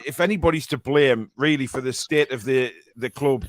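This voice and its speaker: A man's voice: mid-range voice, normal speed. Chatty Geordie man hosting. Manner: chatty, rambling, many fillers and restarts. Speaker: fan show host. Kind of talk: casual live fan-show chat.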